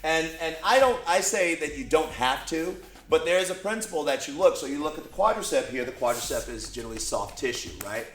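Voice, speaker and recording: A man's voice: a little high, expressive, brisk, hardly any pauses, fairly bright tone. A man co-hosting a martial arts lesson, explaining in an easygoing way with frequent "you know" and "right". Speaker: co-host martial arts teacher. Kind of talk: casual demonstration lesson. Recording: echoey room.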